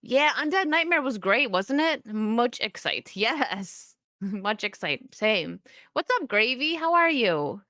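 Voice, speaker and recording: Bright, chatty woman streamer. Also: high voice, sing-song, measured pace, no echo, clean studio sound. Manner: chatty and upbeat, laughs often, frequent restarts. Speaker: livestream host reading chat. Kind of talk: casual chat.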